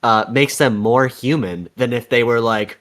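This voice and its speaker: A man's voice: medium pitch, unhurried, a bit bright. A man co-hosting a reaction video, rambling in casual chat and mocking what he watches.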